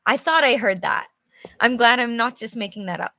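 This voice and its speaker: A native English-speaking woman teaching learners on a live stream, reading a storybook aloud and chatting with viewers, friendly and quick to laugh. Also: a little high, bright, forceful tone, dry recording, studio quality. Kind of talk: slow, clear live teaching and read-aloud.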